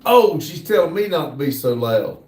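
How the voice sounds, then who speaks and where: An easygoing American man hosts a live stream and chats through viewer comments, pausing often as he goes. His voice sits a little high for a man and sounds set back from the mic. The room around him is hollow and echoey. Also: very animated, gravelly, darkish tone, distant mic. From United States. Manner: easygoing, hesitant, frequent "uh" pauses. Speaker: livestream host. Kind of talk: casual live chat, reading viewer comments aloud. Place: workshop building near a shop area.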